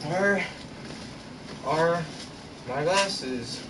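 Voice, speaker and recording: In a slightly high voice and at an extremely slow pace, a man vents to camera in his bedroom for his gaming channel. He sounds exasperated and frustrated and swears all the time. The sound is roomy and noisy, with the mic placed far away.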